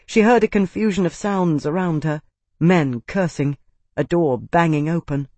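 A man narrates a fantasy audiobook with steady, dramatic pacing. His voice sits a little higher than most men's, and the recording is completely dry, with no room sound at all. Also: moderate pace, no room sound.

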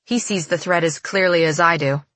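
A woman reading first-person fiction aloud in a measured, expressive way. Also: on the low side, no echo. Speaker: audiobook narrator.

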